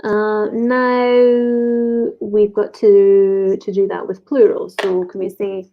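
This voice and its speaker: A woman teaching an online grammar lesson, slowly repeating each example sentence. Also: medium pitch, level tone, a little hiss or hum. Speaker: English teacher. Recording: dull lo-fi recording.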